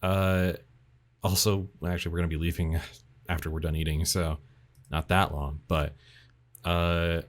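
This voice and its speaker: Chatty lower-voiced man playing a tabletop game. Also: little pitch movement, unhurried, long pauses. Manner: laughing, chatty, explains his moves. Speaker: player.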